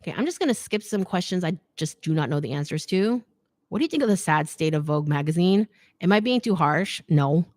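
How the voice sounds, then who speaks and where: A woman's voice: fairly low pitch, animated, a little fast, a little mellow, no echo, clean studio sound. Chatty woman hosting a live Q&A. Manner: chatty, laughs often, says "like" a lot. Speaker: fashion YouTuber hosting a live Q&A. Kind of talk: casual livestream chat reading comments.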